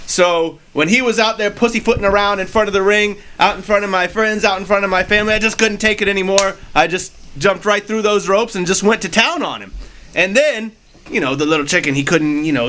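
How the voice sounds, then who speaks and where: A male wrestler cutting an in-character promo, boastful and animated as he tells his story. His voice sits high for a man and rings bright and forceful. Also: a little fast.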